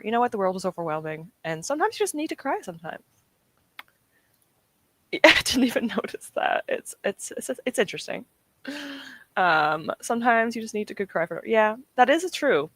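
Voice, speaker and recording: A woman's voice: medium pitch, very animated, a little fast, fairly bright tone, dry recording. A woman hosting a casual livestream, chatty and self-deprecating as she answers her chat, emotional and close to tears, with a sore throat. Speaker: livestream host.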